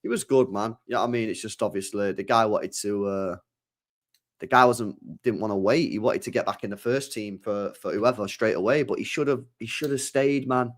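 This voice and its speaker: A young man, hosting a casual football stream, rambling in slangy, animated asides. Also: lowish voice, brisk. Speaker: football channel host. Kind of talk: casual livestream chat.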